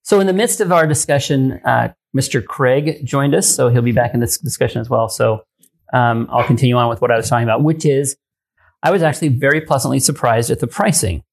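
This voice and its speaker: Rambling mid-pitched male podcast host. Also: a little fast, gravelly. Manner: thinking aloud, many ums and restarts. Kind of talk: casual tech chat.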